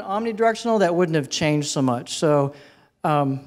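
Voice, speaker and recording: A man's voice: fairly high pitch, normal speed. Man teaching a live microphone workshop. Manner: relaxed, conversational, asks the audience questions. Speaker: presenter teaching microphone technique. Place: presentation room with a sound system. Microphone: handheld and headset microphones, switched during demo.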